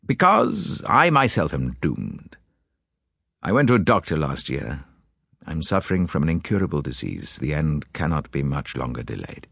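A man voicing a gloomy, fatalistic ailing nobleman who speaks slowly and gravely in an audiobook. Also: extremely low pitch, fairly bright tone, no echo, studio quality, full character voice. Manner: slow, resigned, grave.

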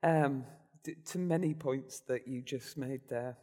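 A man's voice: medium pitch, a little slow, dark tone. A man hosting a book podcast who talks in an enthusiastic, rambling way. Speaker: podcast host. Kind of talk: casual book discussion. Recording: echoey reverb.

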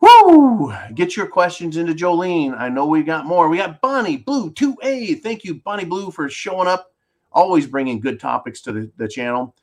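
A man's voice: on the high side, expressive, moderate pace. A man from California hosting a political show, ranting bluntly and sarcastically as he reads out viewer questions. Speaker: host of a political call-in show.

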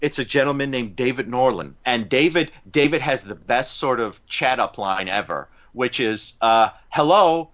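Bright-voiced man recapping a movie. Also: medium pitch, moderate pace, hardly any pauses. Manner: rambling, acts out dialogue. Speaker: podcast co-host. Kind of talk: casual film recap. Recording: dull lo-fi sound.

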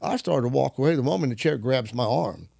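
A man as a guest minister telling a testimony in casual conversation, animated, with halting restarts as he searches for words. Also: medium pitch, vocal fry, no room sound, studio quality. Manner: animated, acts out quoted dialogue.

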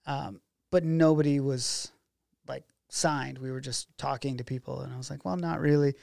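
A man's voice: mid-range voice, moderate pace, gravelly, dry recording, studio quality. A man, a documentary filmmaker guest, chatting casually in an interview and acting out the dialogue in his stories. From Oregon. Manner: animated storyteller who acts out quoted dialogue.

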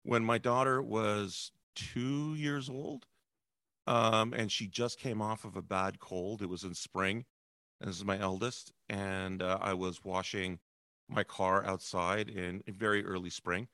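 Bright, lively male podcast storyteller. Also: on the low side, unhurried, clear, resonant tone, no room sound, studio quality. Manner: animated storyteller, acting out quoted voices. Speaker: podcast co-host. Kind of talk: casual chat.

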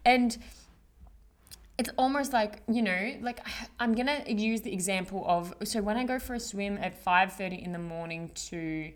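A woman's voice: medium pitch, a bit bright. Chatty, swearing young woman. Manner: chatty, swears freely, full of fillers and slang. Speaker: podcast host. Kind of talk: casual motivational monologue.

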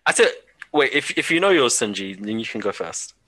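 A man's voice: mid-range voice, sing-song, a little fast, pushed and bright. A young man hosting a football podcast, steering the segments in a laid-back, giggly way. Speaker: podcast host.

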